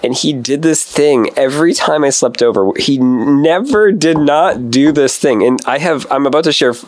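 A man's voice: medium pitch, normal speed, darkish tone, no room sound. A man from Wisconsin telling a rambling, profane story as a podcast guest, full of filler words. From Wisconsin, USA. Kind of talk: casual storytelling.

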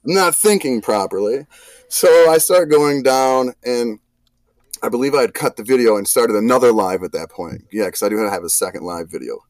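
A man guesting on a podcast, telling wild stories in a casual, profane, animated way and acting out the quotes. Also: mid-range voice, moderate pace, no echo. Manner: animated, profane storyteller who acts out quotes. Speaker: guest, urban explorer.

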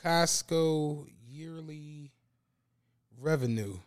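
His voice is fairly high, very slow, and clean in tone. As a podcast co-host in casual conversation, he tells animated stories, curses freely, and acts out what people said.

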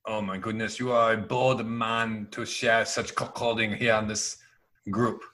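Guy doing a fussy fake-french group member, bright voice. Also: fairly low pitch, flat delivery, measured pace. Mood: prim. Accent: put-on French. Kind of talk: improvised comedy role-play.

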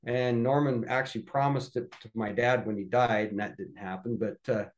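A man's voice: mid-range voice, moderate pace, poor audio. A middle-aged man spinning family stories in an easy conversational way. His voice sits in an ordinary middle register, and he jumps into other people's voices for quoted lines before dropping back to his plain telling. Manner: animated anecdotes that act out other people's voices. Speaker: podcast guest. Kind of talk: casual storytelling.

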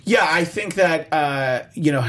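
A man's voice: fairly high pitch, measured pace, fairly bright tone. A man discussing an old film in casual conversation, rambling with many fillers and restarts.

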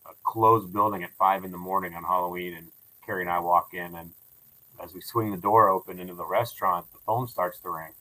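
A man's voice: fairly low pitch, low-quality recording. A man who runs a ghost tour, telling stories in a casual podcast interview with many restarts. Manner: animated storyteller with many restarts. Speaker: building owner and ghost tour operator.

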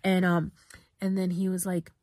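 A young woman casually telling a personal story on her podcast, full of "like" and animated bits where she acts out her own panicked reactions. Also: on the low side, moderate pace, no room sound, clean studio sound. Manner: heavy use of "like", informal swearing. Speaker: podcast host.

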